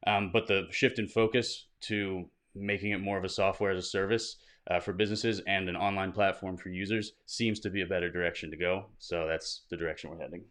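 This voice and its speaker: This lowish, fairly bright male voice belongs to the host of a weekly crypto livestream. He reads viewer questions aloud and answers them off the cuff in a casual, upbeat Q&A, cheerfully greeting viewers by name.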